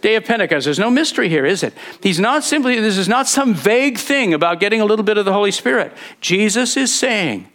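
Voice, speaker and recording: A man's voice: high voice, expressive, quick pace, hardly any pauses, fairly bright tone. A man preaching a sermon, earnest and rising to fervent scripture readings.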